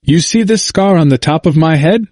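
A man voicing an intense, earnest man in his seventies with a hoarse voice and an emphatic manner, in a dry recording. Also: on the high side, lively intonation, normal speed, dry recording, voice pushed up. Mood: quiet, earnest. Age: 70s. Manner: forceful and emphatic, then near-whispered.

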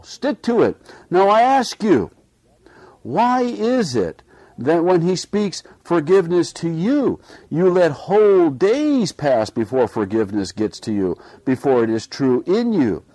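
A man's voice: fairly high pitch, warm tone, no echo. A man delivering a sermon in an earnest way, pressing his listeners with pointed rhetorical questions. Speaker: preacher. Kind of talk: read-aloud sermon.

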